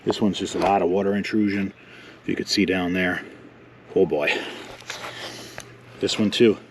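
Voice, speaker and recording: A man's voice: low voice, fairly even intonation, normal speed. A man in his thirties talks through a casual garage vlog on the camera mic, rambling and poking fun at himself. He sounds a little winded, with a faint hiss of noise behind him. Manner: joking, self-mocking, rambling. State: out of breath. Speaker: channel host. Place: home garage and shed.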